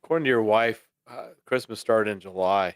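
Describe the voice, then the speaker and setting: A man's voice: on the low side, fairly quick, no echo, clean studio sound. A man co-hosting a live stream, making wry, exasperated asides and reading out viewer comments. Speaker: podcast co-host reading chat. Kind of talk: casual chat on a live stream.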